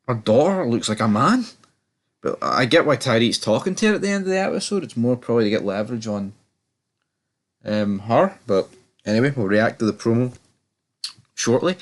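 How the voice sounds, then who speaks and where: A man casually reviewing a TV episode, rambling, stammering over words and swearing now and then. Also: lowish voice.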